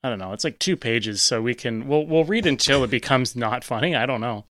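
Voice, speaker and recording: A man's voice: mid-range voice, lively intonation, brisk, a bit bright. A man hosting a live comedy stream, joking in a wry, dry way.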